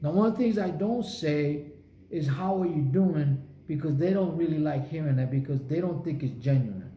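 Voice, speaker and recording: A man's voice: a little high, fairly quick, mellow, a little hiss or hum. Emphatic man coaching salespeople, roomy sound. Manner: emphatic and punchy, short repeated phrases. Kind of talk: motivational sales training talk. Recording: roomy echo.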